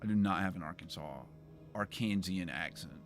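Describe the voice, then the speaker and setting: Music plays behind a man with a Southern US accent as he streams a video game and talks casually with his viewers. His voice sits low and his speed is normal, and he rambles and laughs frequently.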